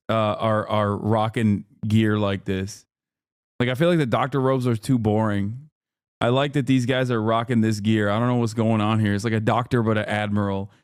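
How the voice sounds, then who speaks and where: A man's voice: lowish voice, clean tone, dry recording, clean studio sound. A man streaming, reacting to clips in casual, sarcastic commentary, repeating himself and laughing often.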